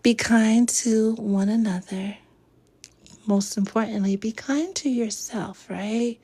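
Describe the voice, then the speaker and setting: A woman hosting a spiritual livestream, greeting viewers by name with drawn-out hellos and slipping into soft whispered affirmations. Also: on the high side, husky. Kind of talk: casual livestream chat.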